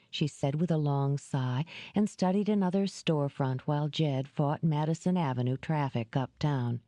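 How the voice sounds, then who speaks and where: A woman narrating a novel in an audiobook, with lively, expressive storytelling. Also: sits low, moderate pace, hardly any pauses, dry recording. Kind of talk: scripted narration.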